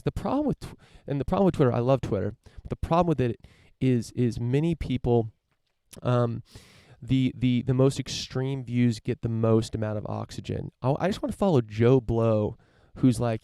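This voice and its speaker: Young dude ranting on his podcast, gravelly low voice, dry close mic. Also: normal speed, warm tone, no room sound. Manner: rambling, profane, frequent restarts and fillers. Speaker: podcast host. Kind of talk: casual solo rant.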